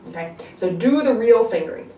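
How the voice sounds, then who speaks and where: Woman, string teacher, patient, checks in often, somewhat high voice, distant mic in a roomy space. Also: expressive, fairly quick, dark tone, a little hiss or hum. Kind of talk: instructional music lesson. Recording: echoey room, distant mic. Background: her own instrument playing between phrases.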